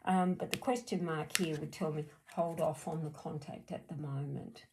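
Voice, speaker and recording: A woman's voice: low-pitched, steady tone, moderate pace, creaky, background noise. A middle-aged Australian woman giving a chatty, blunt card reading on a live stream, answering viewers by name. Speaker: card reader.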